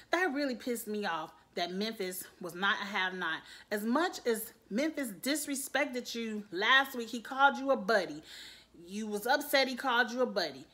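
A woman's voice: fairly high pitch, bright, forceful tone. A woman giving a blunt, sassy and profane recap rant about a reality show, swearing freely and laughing between points.

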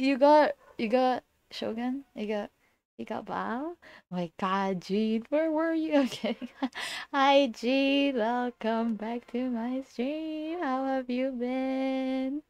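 A giggly, excitable young woman chats casually with her stream viewers in a fairly high voice. She often trips over repeated words. The sound is dry and close, with no room echo. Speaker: livestreamer. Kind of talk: casual livestream chat with viewers.

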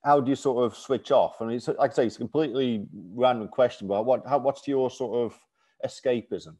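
A man's voice: mid-range voice, a little fast, dark tone. A man in his forties, interviewing and asking his questions in a chatty, stumbling way, often agreeing along. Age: 40s. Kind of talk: casual interview chat.

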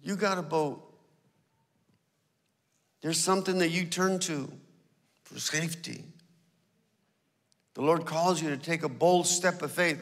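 High-voiced, unhurried pastor in a reverberant church. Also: male voice. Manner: storytelling, acting out little scenes. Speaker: guest pastor. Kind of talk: sermon. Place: church sanctuary.

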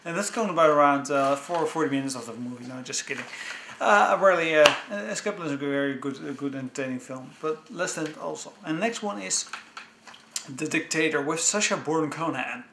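A man chatting casually about films he owns, talking with enthusiasm in a halting way full of restarts. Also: a little high, gravelly, noisy background. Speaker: movie vlogger. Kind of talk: casual home-video review. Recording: echoey room.

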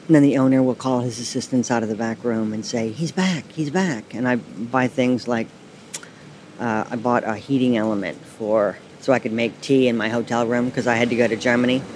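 A man's voice: mid-range voice, flat delivery, fairly quick, a little mellow, slight background noise. A man in his forties with an American accent telling stories in a dry, self-deprecating way, recorded outdoors on a city street. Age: 40s. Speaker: writer, guest. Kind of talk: casual storytelling.

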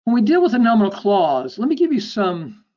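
A man giving an academic lecture, explaining step by step, often pausing with restarts and checking in with "okay?". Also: sits high, huge pitch swings, dark tone. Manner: halting, with repeated restarts. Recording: dull lo-fi recording.

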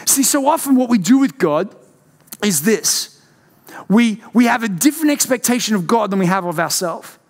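A young man preaching a church sermon with passion, moving between loud outbursts and hushed questions. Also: sits high, animated, moderate pace. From Australia. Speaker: pastor.

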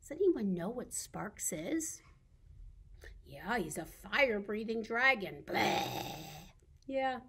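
A woman leading a recorded baby storytime at a library, talking in an animated sing-song way for babies and caregivers. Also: mid-range voice, slow pace, slightly rough. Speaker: children's librarian. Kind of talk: baby storytime with songs and reading.

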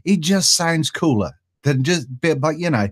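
A man's voice: fairly high pitch, lively intonation, moderate pace. A man hosting a casual live stream, reading out viewer greetings in a chatty, self-mocking way and stumbling over names. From East Anglia. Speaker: vaping channel host.

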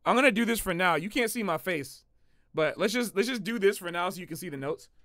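A man, a jazz musician hosting a livestream, talking in a casual, slangy and animated way and repeating phrases for emphasis. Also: high-pitched, fast, no room sound, studio quality.

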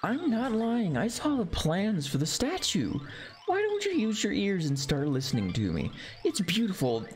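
A squabbling video game townsman, pitched well above a normal speaking voice and full of outraged insistence, as a streamer reads his lines aloud. The voice leaps around a lot, with faint music playing underneath. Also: wildly swooping pitch, normal speed. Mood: indignant. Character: bickering male island townsfolk, indignant.

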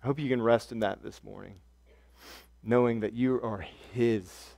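A male pastor giving an earnest sermon, repeating key phrases and swinging from hushed, soft passages to loud emphatic ones. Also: mid-range voice, steady tone, moderate pace, creaky.

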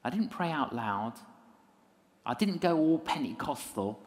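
A man's voice: on the high side, a little slow. A man, a minister, telling a story in a lecture with self-mocking humor and acted-out voices. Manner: animated storyteller who acts out voices. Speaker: minister and evangelist.

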